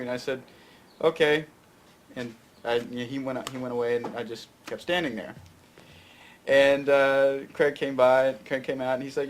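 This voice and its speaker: A young man from Fayette County, Tennessee, appears as a guest filmmaker on a talk show, telling a long, rambling story packed with fillers and restarts. His voice is medium-pitched with fairly even intonation at a moderate pace, and there's a slight hiss or hum on the recording.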